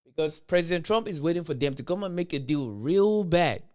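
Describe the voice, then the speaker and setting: A man's voice: a little high, lively intonation, fairly quick, a little mellow. Blunt, profane man ranting on a live stream. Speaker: commentary streamer.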